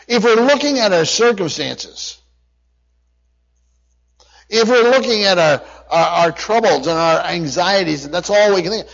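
A man's voice: high-pitched, lively intonation, unhurried, creaky, pauses often, fairly bright tone. A man preaching a sermon, reading scripture aloud and repeating key phrases earnestly. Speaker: pastor. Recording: dull lo-fi recording.

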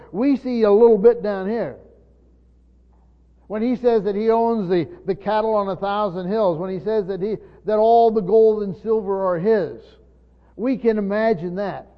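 Guy preaching a sermon, kinda high voice, earnest, talking right to the congregation, muffled recording. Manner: earnest teaching tone, addresses the congregation directly. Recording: dull lo-fi sound with long reverb of a large hall.

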